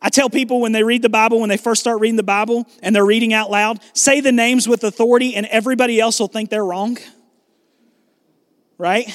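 A man pastor preaching a sermon, animated, acting out biblical dialogue with shifting volume. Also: very high voice, fairly quick, no room sound, studio quality.

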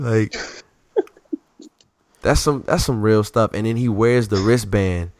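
A man chatting casually about sports as a podcast co-host, telling stories in an animated, slangy way. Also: on the low side, slow, pauses often, dry recording.

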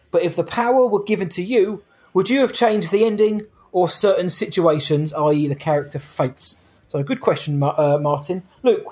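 A man's voice: high voice, a little mellow. Man, co-hosting a laid-back podcast. He talks easily, laughing along and putting questions to his co-host. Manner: easygoing, laughs along, reads listener questions. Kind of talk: casual chat.

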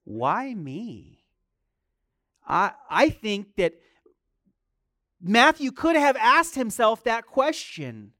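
A young man preaching a sermon, telling a personal story quietly and then building to loud, high-pitched preaching. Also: big pitch swings, very slow, long pauses, dry recording, clean studio sound. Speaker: pastor.

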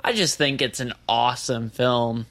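A man co-hosting a podcast, giving his opinions on films in a measured way. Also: mid-range voice, creaky, fairly bright tone. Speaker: podcast co-host. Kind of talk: casual film chat.

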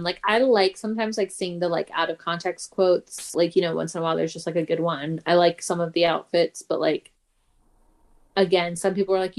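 Podcast woman with a lower voice, blunt and dryly joking. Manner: blunt, wry, dismissive. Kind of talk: casual chat. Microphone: remote call.

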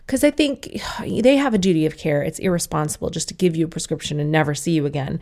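Gravelly low-voiced woman telling a story. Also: fast, hardly any pauses, a little mellow. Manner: candid and swearing, acting out quoted voices. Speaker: mother telling a personal story. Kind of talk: casual storytelling monologue.

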